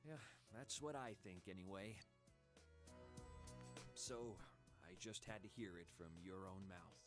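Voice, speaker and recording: An actor voicing a calm, persuasive male talent manager. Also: low-pitched, a little slow, over music. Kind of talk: game voice acting.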